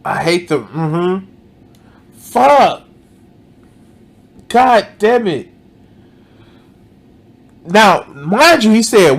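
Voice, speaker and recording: A man reacting to a video, his voice sitting slightly high and swinging widely in pitch. He speaks slowly, breaking off with exasperated curses and half-finished thoughts. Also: very animated. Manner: exasperated, swearing, trailing off. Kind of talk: reaction commentary.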